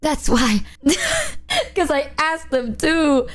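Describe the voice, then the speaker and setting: Rambling young woman streamer, slightly high. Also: animated, fairly quick. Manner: rambling, loses her train of thought, laughs often. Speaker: VTuber streamer. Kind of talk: casual stream chat.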